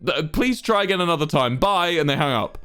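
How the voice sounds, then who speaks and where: Young English streamer, high voice, exasperated rant to chat with impressions of staff. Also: male voice, lively intonation, a little fast, pushed and bright, smooth. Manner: exasperated, ranting, swearing, mimics voices. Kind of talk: casual storytelling to stream chat.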